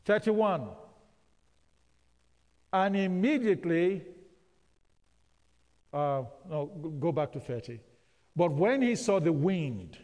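Slow preaching man in a reverberant hall. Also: a little high, expressive, a little mellow. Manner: call-and-response preaching, repeating phrases for emphasis. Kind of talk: sermon.

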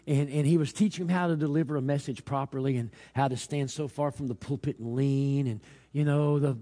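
A man's voice: medium pitch, fairly even intonation, a little fast, mellow. A man preaching a sermon, telling stories and building to fervent exhortation, with many repeated hallelujahs.

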